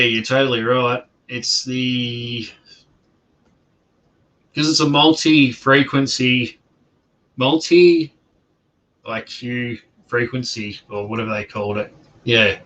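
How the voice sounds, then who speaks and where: An Australian man hosting a casual livestream, chatting in a slow and rambling way with many fillers and restarts. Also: mid-range voice, sharp tone, rough recording. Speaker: livestream host. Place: home during lockdown.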